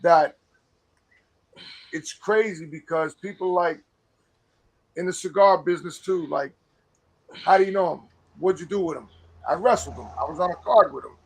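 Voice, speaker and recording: Animated man telling stories on a podcast. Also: high voice, normal speed, vocal fry, pauses often, low-quality recording. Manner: animated storyteller, swears casually. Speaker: podcast host. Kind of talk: casual podcast chat.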